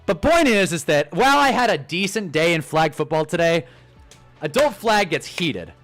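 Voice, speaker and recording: A young man hosting a casual live stream, talking in an animated, swearing rant. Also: a little high, moderate pace, soft background music. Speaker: livestream host. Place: indoors at a green screen.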